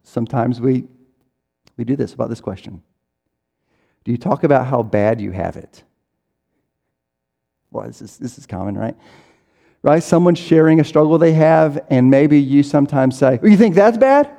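A man's voice: mid-range voice, moderate pace, gravelly, pauses often, mellow. A man preaching a sermon in a conversational way, acting out people's inner voices as he goes. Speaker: pastor. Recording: reverberant hall.

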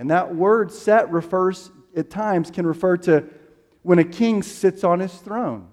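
A man's voice: high-pitched, measured pace, darkish tone, big-room sound. A man preaching a sermon as pastor, telling a story casually with fillers and restarts.

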